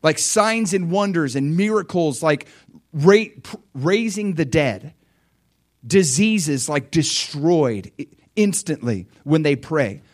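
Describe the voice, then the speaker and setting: A man preaching a sermon and recounting a vision, fervent, dropping to quiet asides and rising to loud surges, often restarting his words. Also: on the high side, expressive, takes it slowly. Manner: restarts and stumbles over words.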